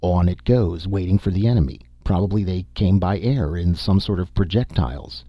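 A man voicing a calm, grim male expedition leader who explains things in a measured way, in an audiobook. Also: low voice, husky, no echo, lo-fi sound.

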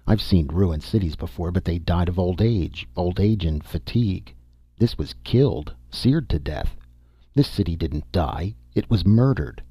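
A man's voice: low voice, animated, a little slow, breathy edge, dry recording, exaggerated voice. A man doing an impatient, grim male explorer. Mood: wary. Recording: dull dry recording.

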